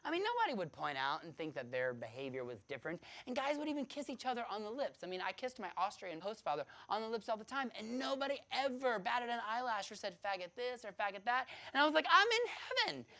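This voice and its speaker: A man from the United States telling a personal story to an audience, animated, laughing often and acting out the voices of others. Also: sits high, fast talker, hardly any pauses.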